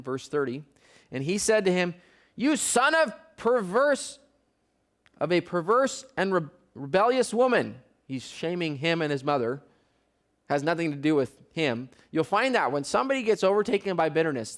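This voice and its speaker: Man teaching a casual Bible study. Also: a little high. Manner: reads scripture aloud then explains it conversationally, with wry asides.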